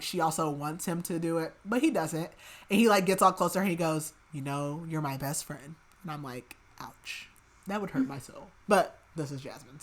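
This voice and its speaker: A woman hosting a podcast, recapping a book in casual chat, rambling with lots of filler "like" and dropping into soft murmured asides. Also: on the low side. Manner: rambling, heavy use of filler "like", chatty asides; laughs at her own remarks, drops to soft murmured asides. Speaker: podcast host.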